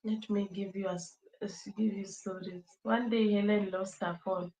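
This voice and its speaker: A woman's voice: mid-range voice, fairly even intonation, normal speed, dark tone. A young woman, chatting casually on a livestream, emotional and repeating herself, laughing often. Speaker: livestream host. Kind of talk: casual livestream chat with viewers. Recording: echoey room.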